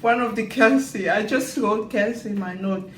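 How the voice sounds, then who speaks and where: A woman recapping a dating show in casual chat, talking loosely with quick asides and loose grammar. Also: medium pitch, reverberant, soft background music, low-quality recording. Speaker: reality TV recap vlogger.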